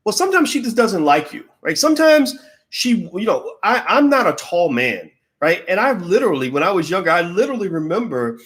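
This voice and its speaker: A middle-aged man talking through business negotiation in a casual, animated monologue, acting out the people he quotes and swearing offhand. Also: high voice, brisk. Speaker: commentator on business.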